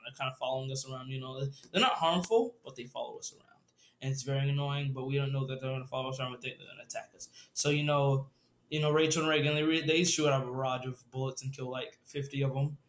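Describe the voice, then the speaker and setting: A man's voice: mid-range voice, fairly even intonation, fast talker, reverberant, a little hiss or hum. A man rambling through an improvised zombie story with a friend, laughing often and leaning on lots of fillers.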